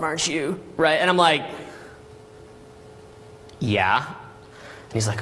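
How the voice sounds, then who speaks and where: A man telling a story to a class as a dating coach, animated and constantly checking in with "right?" and "okay?". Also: a little high, moderate pace, long pauses, slight background noise. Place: Los Angeles.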